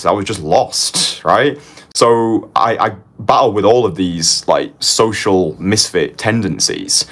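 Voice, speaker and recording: A man's voice: fairly low pitch, fairly bright tone. A young man teaching a motivational course as a dating coach, confessional and punchy, tagging his points with "right?" and casually swearing.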